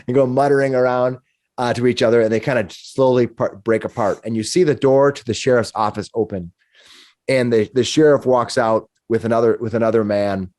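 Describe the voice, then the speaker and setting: A man narrating as game master of a tabletop game, talking in halting bursts with many restarts. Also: mid-range voice, steady tone, darkish tone, no room sound, studio quality.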